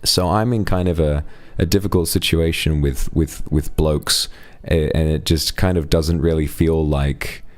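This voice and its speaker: A man's voice: a bass voice, steady tone, measured pace, dry recording. A young man streaming live, thanking donors and chatting frankly and playfully with his audience. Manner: frank, teasing banter with chat. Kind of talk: casual live-stream chat.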